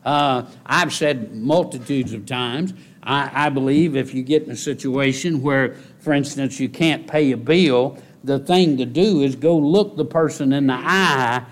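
A man preaching a sermon in a folksy way, repeating key phrases and rising into loud exhortation. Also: measured pace, hardly any pauses. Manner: rises to loud, high-pitched exhortation. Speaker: pastor.

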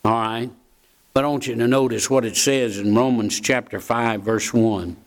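A man's voice: mid-range voice, steady tone, normal speed. A man preaching a sermon in a folksy way, repeating key phrases for emphasis.

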